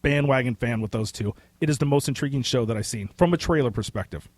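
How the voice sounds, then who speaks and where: A man co-hosting a casual pop-culture podcast. He talks in a rambling, excitable way with casual swearing, and his voice is getting hoarse. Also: medium pitch, fast, no echo. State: losing his voice. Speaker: podcast co-host. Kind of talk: casual chat.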